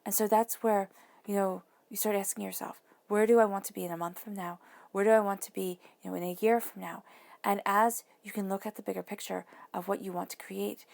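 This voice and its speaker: A woman giving a tarot reading, talking soothingly and dropping now and then to soft whispers. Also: mid-range voice, vocal fry. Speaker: tarot reader.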